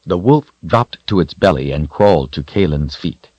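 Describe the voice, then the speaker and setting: A man narrating a fantasy audiobook in a steady, measured way. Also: deep voice, no echo, muffled recording. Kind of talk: scripted narration.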